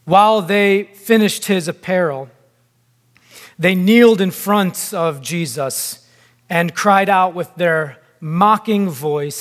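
A man delivers a sermon with a fairly high voice, taking his time over each phrase. He preaches in a deliberate, emphatic manner and pauses often between phrases. The sound carries a long reverb, as in a large church hall.

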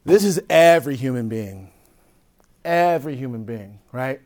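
A male priest teaching a group in a conversational way, often checking in with "right?" and dropping between loud emphasis and soft, low asides. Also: animated, normal speed. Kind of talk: teaching talk to a live group.

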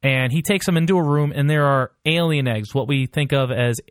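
A man's voice: medium pitch, fairly quick, no echo, clean studio sound. A man co-hosting a casual film podcast, recapping scenes and acting out the characters' lines. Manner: animated, recaps scenes with quoted voices. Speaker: podcast co-host.

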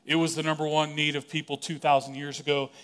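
A man pastor delivering a sermon in a conversational style, with casual asides and quick acted-out quotes. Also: fairly high pitch, flat delivery, fairly bright tone, clean tone.

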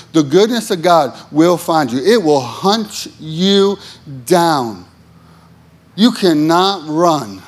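A male pastor preaching a sermon. His phrasing is rhythmic and repetitive, and his voice swings from impassioned highs to sudden low, quiet emphasis.

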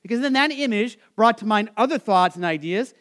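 A man preaching a sermon, earnest and explanatory, with many fillers and restarts, slowing down and going soft on scripture phrases. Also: sits high, expressive. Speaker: pastor.

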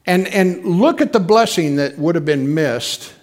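Middle-aged male pastor, a touch high-pitched, casual down-home sermon delivery with asides to the congregation. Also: expressive, a little slow. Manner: folksy, conversational preaching with asides to the congregation.

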